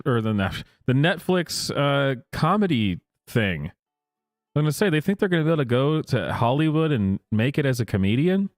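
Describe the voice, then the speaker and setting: Incredulous man's lively reaction commentary. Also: a little high, no echo, studio quality. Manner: incredulous, laughing, halting. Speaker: host.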